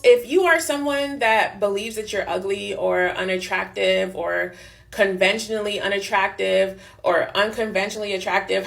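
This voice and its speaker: Earnest woman with gravelly fry. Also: medium pitch, a bit bright. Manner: measured, affirming, deliberate. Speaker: social media commentator. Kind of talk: earnest direct-to-camera advice.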